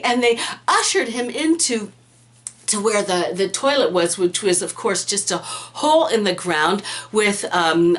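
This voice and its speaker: A woman vlogger telling a funny personal story in a giggly, animated way, with lots of fillers. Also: mid-range voice. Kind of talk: storytime vlog.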